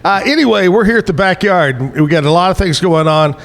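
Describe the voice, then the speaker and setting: A male host leads a relaxed morning chat, trading jokes with his guest. His voice sits a little high for a man. He keeps things loose and friendly. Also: brisk. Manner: joking, easygoing banter. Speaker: radio show host. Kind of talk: casual morning show chat. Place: bar and grill stage.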